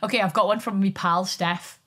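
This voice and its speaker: A woman in her thirties with a Geordie accent, hosting a casual podcast chat, talking fast, swearing and laughing easily. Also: mid-range voice, steady tone, a bit bright. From North East England. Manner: chatty, sweary, quick to laugh. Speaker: podcast host.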